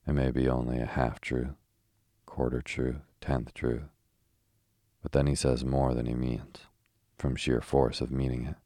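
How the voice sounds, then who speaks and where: A man reading the lines of a sharp-tongued young poet, arguing in crisp, pointed sentences. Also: extremely low pitch, level tone, a little slow, no echo, studio quality.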